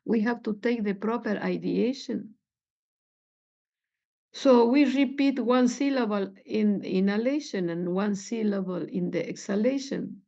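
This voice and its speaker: A woman giving a meditation lesson, halting and searching for words with many fillers. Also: mid-range voice, creaky, dark tone. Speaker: spiritual teacher. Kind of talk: meditation teaching talk. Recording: dull lo-fi recording.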